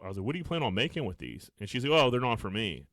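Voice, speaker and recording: A fast-talking man telling a story on a podcast, his pitch swinging up and down as he quotes himself. He's recorded close and dry. He talks quickly and casually. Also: no echo. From Pittsburgh area. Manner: animated storyteller, voice jumps high when quoting himself. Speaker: podcast co-host.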